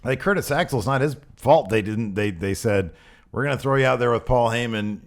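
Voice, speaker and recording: A man's voice: medium pitch, a little fast. A man co-hosting a podcast in casual chat, sarcastic and ranting freely. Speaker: podcast co-host.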